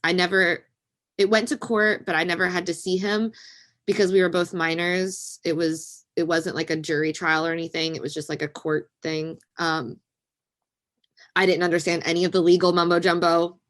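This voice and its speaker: A woman's voice: on the low side, level tone, normal speed, a bit bright. A woman in her twenties, a podcast guest speaking candidly and chattily about her own experiences. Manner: candid, chatty, sharing personal story. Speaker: interview guest. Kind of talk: interview conversation.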